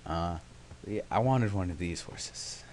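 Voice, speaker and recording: A man's voice: sits low, slow pace, darkish tone, slight background noise. A young man casually narrating his gameplay, rambling with sarcastic, self-mocking asides. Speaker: let's play host.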